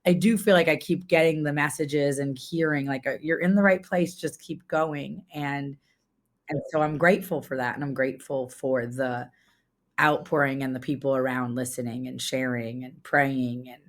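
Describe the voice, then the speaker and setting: A woman's voice: extremely low pitch, steady tone, moderate pace. A woman in her thirties, a farmer and former restaurant owner, telling a personal story in an earnest, conversational way, full of "like" and restarts, her voice climbing when she is moved.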